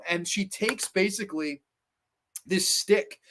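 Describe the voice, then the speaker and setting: A man hosting a horror movie review vlog, talking casually in an excitable, rambling and profane way. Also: fairly high pitch, normal speed, slight background noise.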